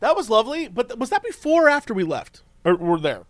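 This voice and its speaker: A man's voice: very high-pitched, quick pace, no room sound. A man telling a story in casual chat, acting out other people's lines. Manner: animated, acts out people's lines in mimicked voices. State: tired from no sleep. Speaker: podcast co-host.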